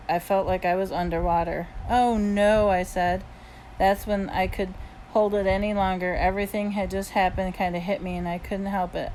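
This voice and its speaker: A woman's voice: lowish voice, a little mellow, a little hiss or hum, rough recording. A woman reading a novel aloud in the first person, with plain, easygoing storytelling. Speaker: audiobook reader.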